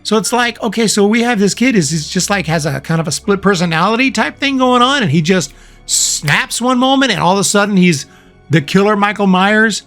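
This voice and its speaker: A man's voice: high-pitched, expressive, fairly quick, a bit bright, faint music behind. A man giving a casual, frank spoken movie review, chatty with lots of fillers and restarts.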